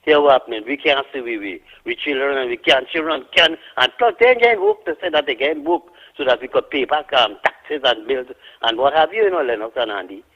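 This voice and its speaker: A man's voice: medium pitch, lively intonation, brisk, few pauses. A man with a Trinidadian accent calling in to a radio show, ranting indignantly. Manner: heated, indignant. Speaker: caller. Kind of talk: call-in radio rant. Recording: muffled phone line.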